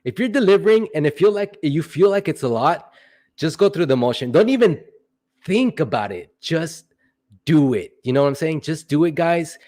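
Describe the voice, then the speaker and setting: A man's voice: a little high, very animated, normal speed, darkish tone. A young man hosting a casual livestream, answering chat questions in a rambling, playful way with joking asides.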